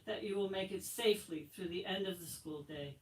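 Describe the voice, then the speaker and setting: A woman voicing a prim, patient female high school French teacher, read aloud in an echoey room from far off. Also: fairly quick, a little hiss or hum, lightly acted. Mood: prim coaxing. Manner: patient, coaxing.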